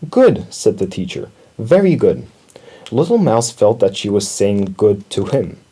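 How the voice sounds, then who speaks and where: A man reading a children's storybook aloud in an expressive storytelling manner. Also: fairly low pitch, moderate pace, breathy edge. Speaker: storybook reader.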